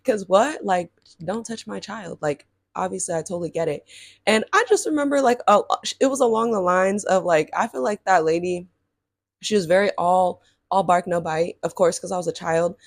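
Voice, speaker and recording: A woman's voice: normal speed, dry recording. Young woman spilling a storytime, super chatty, jumps way up on the quotes, dry close sound. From Southern California. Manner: animated, chatty, lots of "like" and "y'all", pitch leaps on quoted reactions. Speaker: storytime vlogger. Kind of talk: casual storytelling to camera.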